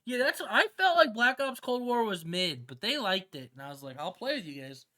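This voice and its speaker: Slangy streamer chatting w/ chat, swears a bunch, voice jumps all over, kinda bright. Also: medium pitch, fairly quick. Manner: slangy, swears a lot, keeps saying "bro"; emotional and excitable, often laughing. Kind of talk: casual livestream chat with viewers.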